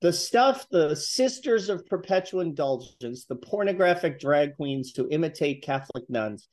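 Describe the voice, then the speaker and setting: A man's voice: a little high, lively intonation, normal speed, a little mellow. A man, a guest writer on a talk show, speaking in an indignant, emphatic way.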